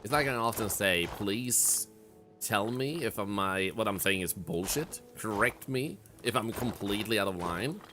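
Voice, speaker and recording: Low-voiced male streamer over game music. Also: animated, normal speed. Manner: rambling and reflective, many "like" fillers. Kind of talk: casual live-stream chat.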